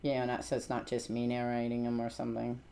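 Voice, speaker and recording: A woman's voice: extremely low pitch, completely flat delivery, fast talker, dark tone. A middle-aged woman streaming a game, chatting casually in a rambling way, full of fillers and restarts. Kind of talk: casual chat while gaming.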